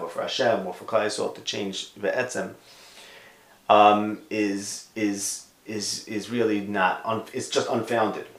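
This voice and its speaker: Low-voiced man giving an emphatic lecture. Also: reverberant. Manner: emphatic, swings between loud stresses and quiet asides; sprinkles in Hebrew and Yiddish terms. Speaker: podcast lecturer. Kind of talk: conversational Torah lecture.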